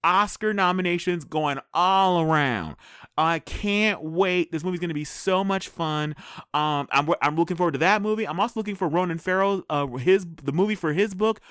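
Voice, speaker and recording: Smooth-voiced man in an animated review chat. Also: sits high, normal speed, no echo, clean studio sound. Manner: animated, questioning, lots of fillers. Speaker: podcast co-host. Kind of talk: casual movie trailer review chat.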